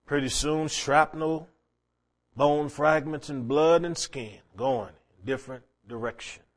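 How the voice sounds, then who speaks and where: A man preaching a sermon, telling a long story and quoting scripture, dropping to a hush and rising again. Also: fairly high pitch. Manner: storytelling preacher, quoting scripture, swinging between hushed and raised.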